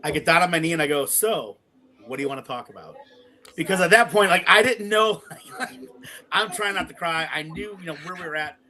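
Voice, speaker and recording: High-pitched, brisk and bright, a male podcast co-host delivers a long story in a forceful tone. The chat is casual, and he swears freely while acting out the quotes.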